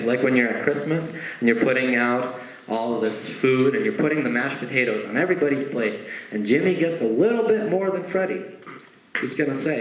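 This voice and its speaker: A young man doing a stand-up comedy set, talking conversationally with lots of asides. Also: mid-range voice. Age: young adult. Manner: conversational, with frequent asides and lively acted quotes. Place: stage performance. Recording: roomy echo.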